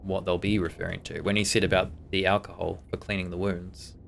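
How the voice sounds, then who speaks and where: Guy rambling through a game stream, low and gravelly, game music under it. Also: flat delivery, brisk, a little hiss or hum. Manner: rambling, laughing, swearing casually. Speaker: streamer playing a video game. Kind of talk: casual let's-play chat. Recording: game music playing behind.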